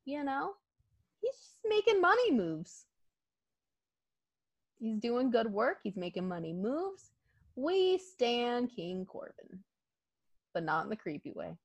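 Woman podcast co-host, higher voice, lively pitch, slow delivery, dry close sound. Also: dry recording, muffled recording. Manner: animated, laughing often, acting out quotes. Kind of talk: casual wrestling podcast chat.

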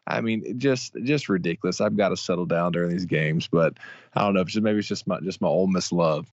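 Lower-voiced rambling co-host, muffled line. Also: male voice, no echo. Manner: rambling, halting, many restarts, excitable fan. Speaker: podcast co-host. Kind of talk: casual sports talk.

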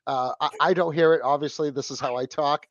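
A man with a strong Boston accent talks loosely and rambles, with plenty of fillers and restarts. His voice sits a little high. The recording is dull and muffled, with a dry, close sound. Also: steady tone, brisk, fairly bright tone, no room sound. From New England. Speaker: podcast guest, host of his own podcast. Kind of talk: casual podcast chat.

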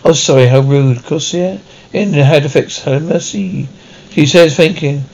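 A shy, halting 1830s gentlewoman. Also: low voice, rough recording. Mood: earnest. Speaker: period drama character. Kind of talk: period drama acting.

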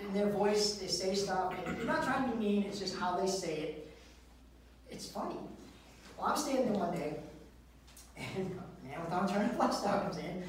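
A man's voice: sits high, animated, moderate pace, pauses often, slight background noise. A man doing a stand-up comedy set, telling crude workplace stories and acting out what people said. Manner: storytelling with crude jokes and acted-out quotes. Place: live show venue with audience. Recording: very echoey room from far off.

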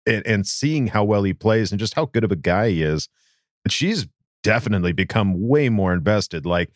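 A man hosting a podcast in casual chat, talking quickly and loosely with many fillers while reading listener questions. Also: on the low side, lively intonation, no room sound, studio quality. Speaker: podcast host.

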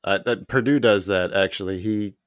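Male podcast host, low pitch, casual, dry close recording. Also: normal speed, no echo. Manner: relaxed, easygoing, with filler "uh". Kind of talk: round-table podcast, reading audience questions.

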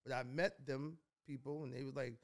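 A man's voice: medium pitch, fairly even intonation, a little fast, vocal fry. A middle-aged man from New York, a podcast guest telling rambling stories in a laid-back way with lots of restarts. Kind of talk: casual storytelling in a podcast interview.

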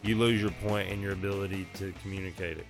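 Gravelly, low-voiced man from Tennessee. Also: fairly even intonation, fast, over music. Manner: laid-back storytelling, jokes with big voiced bits. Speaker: podcast guest, comedian. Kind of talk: casual chat.

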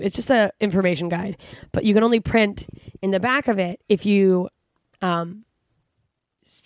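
A young woman from California talks alone into a close podcast mic, swearing and rambling through her frustration with lots of "like" and "I don't know." Her voice sits at a middle pitch and jumps up sharply when she is exasperated. The recording is dry, with no room sound. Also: dry recording. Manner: profane, exasperated, rambling with frequent fillers. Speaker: podcast host. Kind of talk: casual solo podcast rant.

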